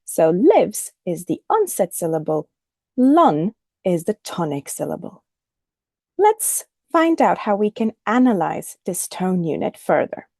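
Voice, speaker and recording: A woman teaching a recorded lesson, speaking clearly and deliberately and modelling the intonation of example phrases. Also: lowish voice, big pitch swings, darkish tone, no echo, clean studio sound. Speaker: English teacher.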